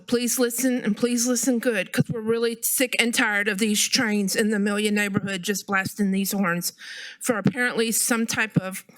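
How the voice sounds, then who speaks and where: A woman's voice: a little high, a bit bright. A woman giving a frustrated, emphatic public comment at a city council meeting. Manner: frustrated, emphatic, repeats herself.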